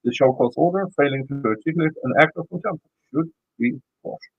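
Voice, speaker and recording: A man's voice: fairly high pitch, a little fast, husky, muffled recording. A man with a Swedish accent reading a legal motion aloud and commenting on it, often stumbling and repeating words as he reads. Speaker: YouTube commentator.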